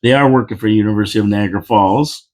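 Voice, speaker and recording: This man's voice is lowish and a little mellow, yet he races along. Hosting local commentary, he delivers a rambling, repetitive opinion monologue full of folksy asides, sounding worn out and yawning.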